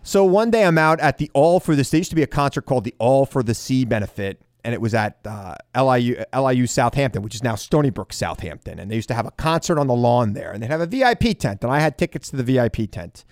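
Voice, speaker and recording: A man's voice: medium pitch, lively intonation, fast talker, few pauses, a little mellow, dry recording, studio quality. A man in his forties hosting a talk radio show, chatting casually and telling stories with enthusiasm.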